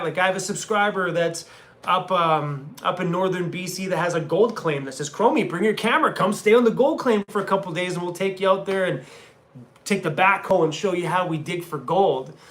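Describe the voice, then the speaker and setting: A man's voice: on the high side, fairly bright tone. A man hosting a casual live stream from a hotel room, chatting with viewers and reading their comments in a laid-back, chummy way. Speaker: van-life YouTuber hosting a live stream. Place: hotel room, seated on a small chair.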